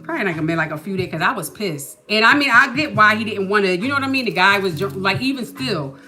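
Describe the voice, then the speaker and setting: Animated, bright-voiced woman telling a story. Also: medium pitch, quick pace, soft background music. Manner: animated, full of "you know what I mean". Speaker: podcast host. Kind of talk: casual storytelling.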